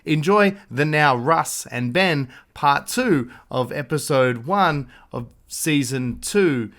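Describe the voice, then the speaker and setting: A man who edits the podcast, delivering a playful, mock-hushed segue in a wry tone. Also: on the high side, lively intonation, slow. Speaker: podcast host and editor.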